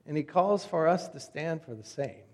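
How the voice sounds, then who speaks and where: Male pastor, chatty sermon delivery that fades soft at phrase ends, lightly raised pitch, echoing sanctuary. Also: expressive, normal speed. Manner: conversational storytelling, voice drops soft at phrase ends. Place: church sanctuary. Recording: long reverb of a church hall.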